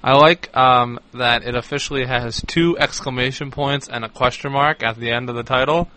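A man's voice: medium pitch, fairly even intonation, normal speed, sharp tone. A man joining a casual chat with wry, playful remarks.

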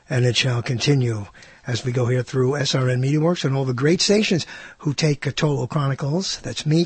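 Older New York man hosting radio talk, rambling and theatrical, husky, fairly high, dry sound. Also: moderate pace, darkish tone, no echo. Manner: rambling, self-mocking, theatrical. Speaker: radio show host. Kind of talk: casual monologue.

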